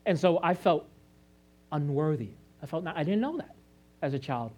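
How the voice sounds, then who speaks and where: A man's voice: a little high, animated, moderate pace, a little mellow. A man from China, a pastor, giving a personal testimony sermon, earnest and confessional, often restarting and rising in emphasis.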